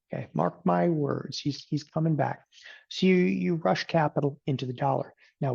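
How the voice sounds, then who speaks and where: A man's voice: a little high, gravelly, darkish tone, slightly rough, lo-fi sound. A middle-aged man giving a live market lesson, talking casually with jokey asides, tossing in "okay" and mock quotes. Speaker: trading educator.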